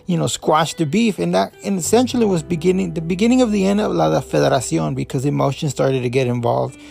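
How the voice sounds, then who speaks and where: A man's voice: fairly high pitch, fast, vocal fry, darkish tone. A man hosting a podcast, giving a loose, rambling review full of fillers and restarts, a Spanish speaker. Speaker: podcast host. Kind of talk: casual review talk.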